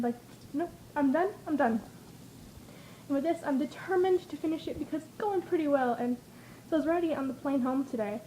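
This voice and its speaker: A woman's voice: high-pitched, dark tone, a little hiss or hum, poor audio. A woman vlogging in a casual, rambling way, giggling and acting out her own reactions as she tells stories. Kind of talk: casual chatty vlog storytelling.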